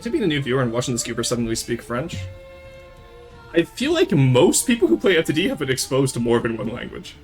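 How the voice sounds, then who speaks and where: Young man, streamer, from Quebec, casual chat, lively pitch, faint background music. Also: quick pace. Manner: animated, switches into French, swears and laughs freely. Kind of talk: casual livestream chat, answering viewers.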